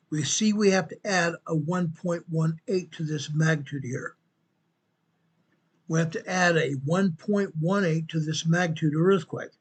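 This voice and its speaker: A man hosting a show, walking viewers through an earthquake map in a slow, emphatic way and repeating his points. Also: a little high, slightly rough. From United States. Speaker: show host presenting earthquake updates. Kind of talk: informal map walkthrough commentary.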